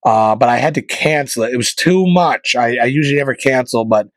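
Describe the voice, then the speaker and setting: Rambling deadpan podcast host, dry close mic. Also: male voice, medium pitch, a little fast, no room sound. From northeastern Pennsylvania. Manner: deadpan joking, rambling asides. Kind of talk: casual comedic monologue.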